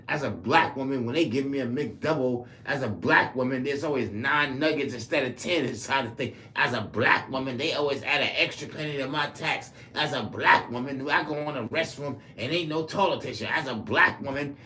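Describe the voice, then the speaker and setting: A man's voice: mid-range voice, normal speed, hardly any pauses, bright, forceful tone, a little hiss or hum, natural voice. A man voicing a whiny woman who keeps listing her grievances in a mocking, repetitive way. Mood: whining.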